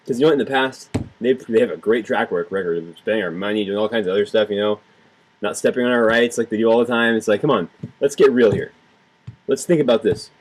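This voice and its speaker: Husky-voiced man ranting heatedly. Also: lowish voice, fast talker, low-quality recording. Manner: heated, repetitive, sarcastic, swears freely. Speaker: political vlogger. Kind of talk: ranting political commentary to camera.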